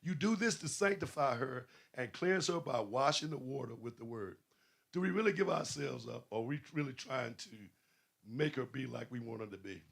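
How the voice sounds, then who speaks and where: A man's voice: medium pitch, expressive, moderate pace, vocal fry, a bit bright. A man preaching a sermon, questioning his listeners and building emphasis. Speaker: pastor.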